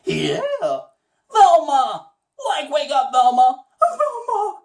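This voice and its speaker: A man's voice: very high voice, huge pitch swings, slow pace, gravelly, echoey room, pitched above the performer's own voice, heavily acted. A man voicing a jittery, always-hungry cartoon slacker who drawls "like, man" slang in a cracking voice. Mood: scared, goofy.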